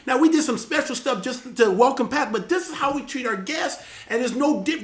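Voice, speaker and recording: Animated preaching man, echoey room. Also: very high-pitched, brisk, hardly any pauses. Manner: animated, repeats words, rising to shouts. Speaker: pastor hosting a live show. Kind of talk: casual preaching talk.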